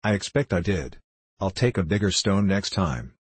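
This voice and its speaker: A man's voice: sits low, animated, moderate pace, breathy edge, dry recording. A man reading the lines of a spiteful, cowardly boy bully in an audiobook, with a taunting, whiny manner. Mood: gloating.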